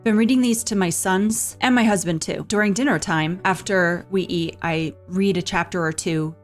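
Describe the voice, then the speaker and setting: A woman's voice: lowish voice, moderate pace, soft background music. A woman talking earnestly through her book reviews, often sighing and repeating herself for emphasis.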